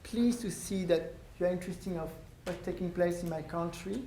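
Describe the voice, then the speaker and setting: A man with a French accent speaks to a room full of people, his voice mellow but getting hoarse. He pauses often and repeats words as he finds them. He is picked up from a distance in an echoey lecture room, with a faint hiss behind him. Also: sits high. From France. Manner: halting, repeats words, many ums. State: losing his voice. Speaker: visiting ambassador speaking to an audience. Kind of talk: public talk with Q and A. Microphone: no microphone, room recording.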